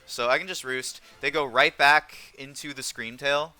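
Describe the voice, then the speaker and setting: A man's voice: medium pitch, fairly even intonation, normal speed, bright, forceful tone, no room sound. A young man thinking aloud through a competitive online game match, calling his moves with frequent ums. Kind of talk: live gameplay commentary.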